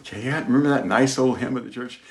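A man preaches a sermon with an emphatic, dynamic delivery, swinging from strong declarations to hushed asides. His voice sits at an ordinary male pitch. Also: brisk. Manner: emphatic preaching, shifts between loud and hushed; sings hymn lines. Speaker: pastor.

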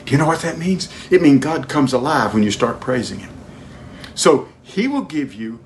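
A man preaching a sermon, asking his listeners direct questions and swinging between loud emphatic highs and hushed low prayer. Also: big pitch swings, moderate pace, a little hiss or hum.

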